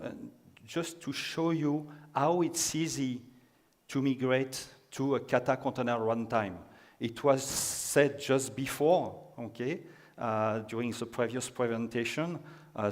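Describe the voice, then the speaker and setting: A man from France speaks with a French accent as he gives a conference talk. He hesitates often and fills the gaps with filler sounds. His voice sits at a middle pitch and rings with a long reverb. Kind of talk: conference presentation. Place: conference room.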